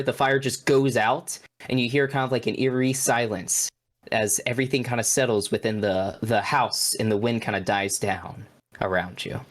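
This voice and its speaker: A man's voice: medium pitch, fairly bright tone. Male game master, casual horror narration, stumbling restarts, everyday mid voice. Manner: loose and chatty, full of restarts and fillers.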